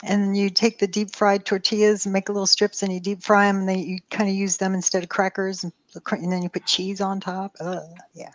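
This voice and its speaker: A woman's voice: mid-range voice, flat delivery, brisk, few pauses, no room sound. Dry, teasing woman from Ohio. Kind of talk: casual chat.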